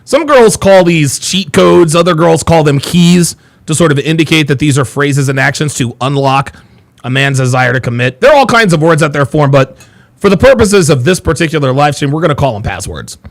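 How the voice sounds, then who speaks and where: A man's voice: fairly high pitch, fairly quick, gravelly. A man hosting a live stream, addressing his male audience in an emphatic monologue. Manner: animated, emphatic delivery to an audience. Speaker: host.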